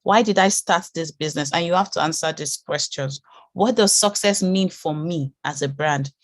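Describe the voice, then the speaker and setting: A woman's voice: sits low, moderate pace, dry recording. A woman teaching a live branding class, asking the group questions, repeating key points and encouraging them. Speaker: branding course instructor.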